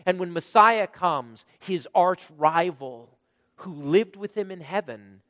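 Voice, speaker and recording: A man's voice: high voice, animated, slow, fairly bright tone, long reverb tail, muffled recording. A pastor preaching a sermon to his congregation with dynamic delivery, asking them rhetorical questions.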